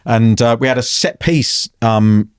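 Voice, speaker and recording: A man in his fifties co-hosting a podcast, telling an anecdote in a relaxed way and chuckling between lines. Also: mid-range voice, measured pace, smooth, dry recording, clean studio sound. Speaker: podcast co-host. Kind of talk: casual chat, anecdote telling. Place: podcast studio.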